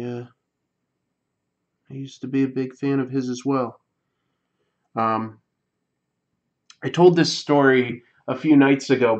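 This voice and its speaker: Rambling sick-sounding man, lo-fi stream. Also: medium pitch. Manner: rambling, many fillers and restarts. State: sick, coughing. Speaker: comic artist livestream host. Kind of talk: casual chat while drawing.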